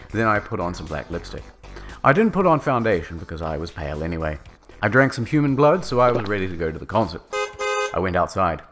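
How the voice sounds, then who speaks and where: A man narrating a comedic dramatic reading, mock-dramatic with sardonic asides. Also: sits low.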